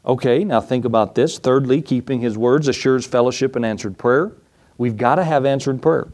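A man's voice: moderate pace, a little mellow. A man preaching a sermon as a Bible teacher. He reads scripture aloud, asks his listeners questions and drives his points home with emphasis. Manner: emphatic exhortation, pitch jumps up on key points.

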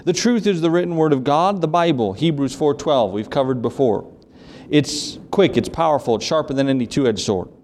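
A man's voice: fairly high pitch, lively intonation, normal speed, darkish tone. A man preaching a sermon as pastor, emphatic and repetitive, putting questions to his congregation.

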